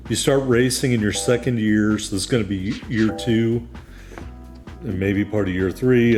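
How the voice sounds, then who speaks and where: Casual let's-play host, a man with a lowish voice, chatty and meandering, faint game music underneath. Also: darkish tone. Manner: rambling, many ums, self-deprecating asides.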